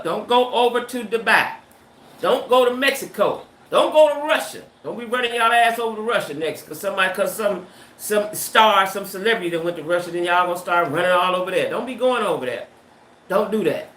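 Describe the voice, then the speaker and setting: A woman's voice: medium pitch, a bit bright, reverberant, a little hiss or hum. A woman hosting a livestream in casual, emphatic chat, firing off rhetorical questions and slang. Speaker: livestream host. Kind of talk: casual chat reading viewer comments.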